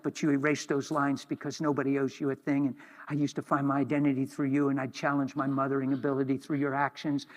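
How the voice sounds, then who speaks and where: Animated preacher in a reverberant church. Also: male voice, fairly high pitch. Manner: animated, swings from loud exclamations to hushed near-whispers. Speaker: pastor. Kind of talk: sermon. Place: church hall.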